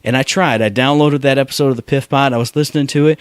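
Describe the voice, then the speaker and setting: A man co-hosting a casual podcast, joking and mocking people in squeaky put-on voices. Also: fairly even intonation, quick pace, hardly any pauses, clear, resonant tone, dry recording, studio quality, faint music behind. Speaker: podcast co-host. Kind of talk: casual chat.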